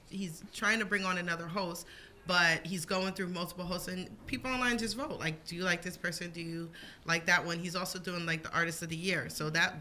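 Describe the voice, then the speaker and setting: A woman's voice: lowish voice, bright, forceful tone, slight background noise. A woman who hosts her own radio show, chatting as a podcast guest in a loose, rambling way with lots of fillers. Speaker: radio show host and creator. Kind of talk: casual podcast guest chat.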